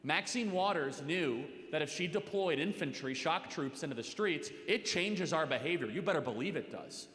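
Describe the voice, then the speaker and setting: A man speaking on a panel at a live event, talking urgently and rising to forceful emphasis. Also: fairly high pitch, expressive, moderate pace, few pauses. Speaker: talk radio host on a panel. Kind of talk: impassioned panel speech. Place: large hall with audience. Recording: echoey hall reverb.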